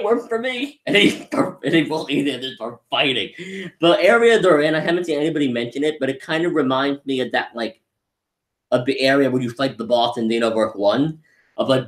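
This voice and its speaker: A young man gives an enthusiastic, rambling live movie review, restarting his sentences as he goes. His voice sits at a middling pitch, and the room around him is echoey. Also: a bit bright. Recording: roomy echo.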